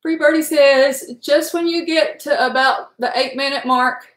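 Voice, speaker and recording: A middle-aged woman, chatting casually on a live stream, emotional and quick to laugh as she reads comments. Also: high voice, steady tone, roomy sound.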